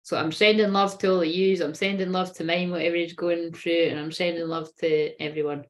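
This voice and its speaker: Woman, tarot reader, live chat to viewers, rambling, giggly, swears freely, slightly low voice. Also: little pitch movement, a little fast. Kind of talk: casual live tarot reading.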